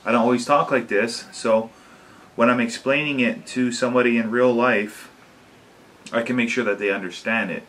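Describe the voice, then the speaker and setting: A man casually talking to his camera about a home-made prop, unhurried, with lots of fillers and restarts. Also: mid-range voice, steady tone, fairly bright tone, slight background noise. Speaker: DIY maker vlogger. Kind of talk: casual explanatory vlog. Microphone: camera mic.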